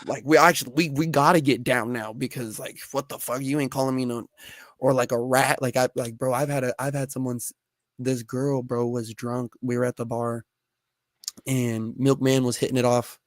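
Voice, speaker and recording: A man's voice: medium pitch, normal speed, no echo, studio quality. A young man co-hosting a podcast in casual chat, telling stories and acting out quoted lines with lots of energy. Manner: animated storyteller who acts out quoted lines. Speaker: podcast co-host.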